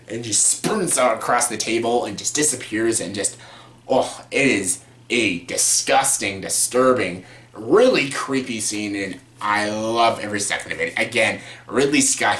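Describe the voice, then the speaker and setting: A man's voice: mid-range voice, a bit bright. A man talking casually and enthusiastically on a vlog about films he loves, rambling with many fillers and restarts. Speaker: movie reviewer. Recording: echoey room.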